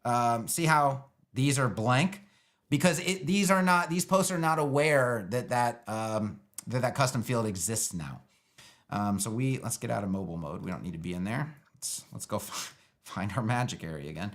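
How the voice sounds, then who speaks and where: A man thinking out loud through a live web-building demo, loose and sarcastic, with lots of fillers. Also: mid-range voice, lively intonation, moderate pace. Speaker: web design educator building a page live. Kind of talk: casual live screen-share tutorial.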